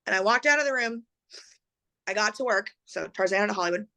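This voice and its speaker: A woman guest telling a personal story in a lively way, acting out the voices of the people she quotes. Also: medium pitch, fast talker. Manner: animated, acts out quoted voices.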